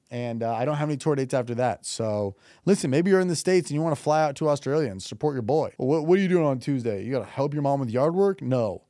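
A man's voice: medium pitch, lively intonation, fast talker, few pauses, mellow, no echo, clean studio sound. A man hosting a podcast in casual chat, joking and crude with punchy delivery. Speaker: podcast host.

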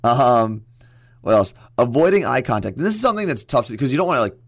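A young man co-hosts a radio show in easy, joking banter, talking quickly. His voice sits at an ordinary middle pitch for a man. The sound is dry and close, with no room around it. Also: very animated, no echo.

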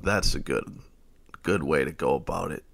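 A man's voice: rumbling low, normal speed, vocal fry, fairly bright tone. Ranting late-night sports radio host, man. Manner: ranting, gets fired up.

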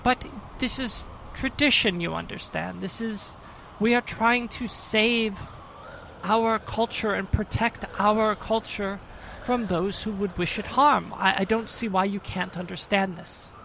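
A man's voice: sits high, fairly even intonation, unhurried, vocal fry, fairly bright tone, heavily acted, poor audio. A man playing a pompous, stammering prison guard in a tabletop game, condescending and self-righteous, over faint noise. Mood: lecturing. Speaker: game master. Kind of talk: in-character tabletop role-play.

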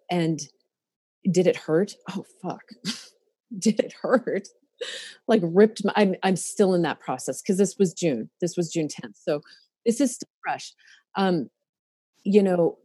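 Mellow low-voiced woman, open and emotional. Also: dry recording, clean studio sound. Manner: open, emotional, many fillers and restarts. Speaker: therapist. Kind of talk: casual podcast conversation.

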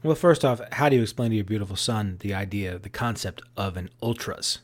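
A man's voice: fairly low pitch, lively intonation, a little fast. A man co-hosting a casual soccer podcast, speaking in an articulate, wry and opinionated way. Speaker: podcast co-host.

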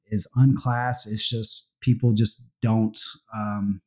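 A man's voice: lowish voice, flat delivery, slow pace. A man as a podcast guest, telling stories in a casual, rambling way with many fillers and restarts. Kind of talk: casual conversational interview.

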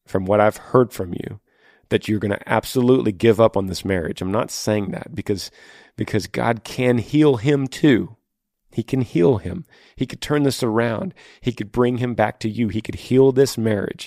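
Earnest low-voiced man giving advice. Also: measured pace, a little mellow, no room sound, studio quality. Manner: earnest, encouraging, repeats phrases for emphasis. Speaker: podcast host answering listener questions. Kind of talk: faith-based advice talk.

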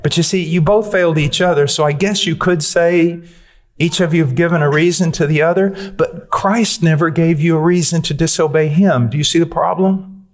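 A man with a somewhat high-set voice delivers a sermon. He is earnest and direct and keeps pressing his listeners with pointed questions. Now and then he slips in a blunt, dry joke. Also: steady tone, normal speed. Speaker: preacher.

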